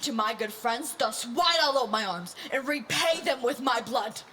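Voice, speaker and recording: A woman acting a furious young nobleman in a Shakespeare staging, shouting defiant threats of revenge. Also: a little high, lively intonation, normal speed, slight background noise. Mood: resolved.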